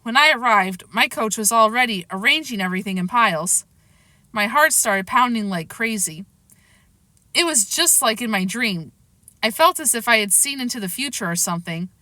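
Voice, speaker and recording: A woman reading a children's novel aloud in a lively, expressive way. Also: on the high side, normal speed, no echo. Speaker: reader. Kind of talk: storybook narration.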